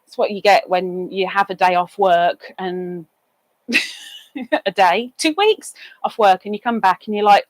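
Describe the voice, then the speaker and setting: A woman's voice: mid-range voice, takes it slowly, long pauses, no echo, poor audio. A woman hosting a casual live stream, chatting and reading viewer comments aloud, with sing-song greetings for each newcomer.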